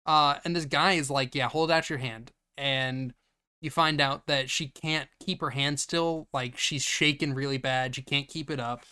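A man's voice: medium pitch, steady tone, measured pace, bright, forceful tone, clean tone. A young man hosting a podcast, recapping a movie casually, laughing and swearing freely. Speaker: podcast host.

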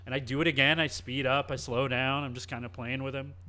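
A young man co-hosting a casual chat, telling a story in a cheeky, animated way. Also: mid-range voice, a little fast. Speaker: co-host.

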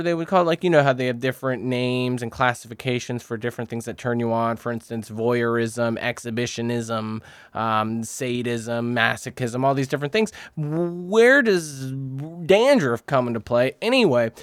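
A man's voice: medium pitch, clear, resonant tone, dry recording, clean studio sound. Crude rambling male podcast host. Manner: crude, rambling, profane storytelling. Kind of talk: comedic podcast monologue.

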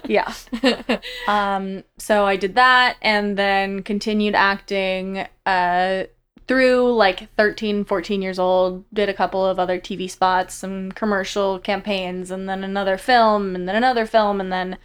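Smooth-voiced young woman telling stories. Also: medium pitch, measured pace. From United States. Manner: animated, acts out quoted voices, laughs while telling. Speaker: guest actress. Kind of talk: casual storytelling interview.

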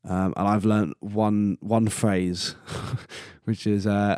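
A man's voice: lowish voice, little pitch movement, takes it slowly, a little mellow, clean tone, dry recording, clean studio sound. A man hosting a casual solo podcast, rambling and chatty, swearing casually and laughing at himself. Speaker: podcast host.

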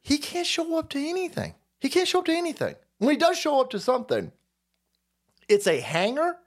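A man's voice: extremely high pitch, huge pitch swings, fairly quick. Profane, sarcastic male streamer. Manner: profane, sarcastic, laughing often. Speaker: streamer host. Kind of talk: livestream commentary rant.

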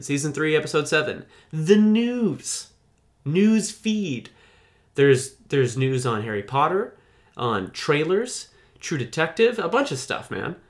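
A man's voice: mid-range voice, fairly bright tone. Jokey man hosting a podcast. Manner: jokey, rambling, mock-defensive. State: recovering from illness. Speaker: podcast host. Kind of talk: casual podcast intro and ad read.

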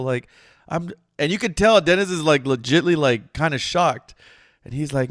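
Podcast co-host man, mid-pitched, casual storyteller who acts out quotes and swears; dry close mic. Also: lively intonation, moderate pace, a bit bright, no room sound.

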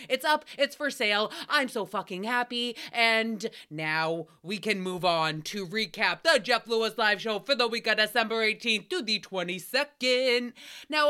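A woman's voice: fairly high pitch, pushed and bright. A young adult woman hosting a casual recap podcast, chatty and self-mocking, with frequent swearing. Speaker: podcast host.

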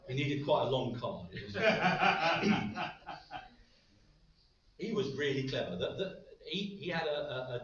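A man's voice: mid-range voice, animated, slow, fairly bright tone. A man preaching a sermon in a light-hearted way, with joking asides. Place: large echoey church hall. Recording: very echoey, distant, dull hall recording.

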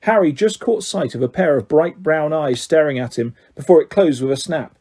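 A man reading a children's story aloud as narrator, in an expressive, animated way. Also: fairly high pitch, normal speed, slightly rough. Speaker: audiobook narrator. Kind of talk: scripted narration.

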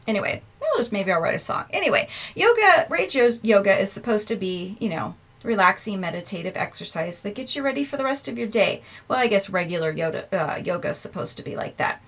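A woman's voice: mid-range voice, lively intonation, brisk, few pauses. A woman hosting her own podcast in a casual, chatty way, self-mocking and laughing often as she records herself. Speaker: podcast host. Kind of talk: casual chat. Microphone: earphones in, recording herself.

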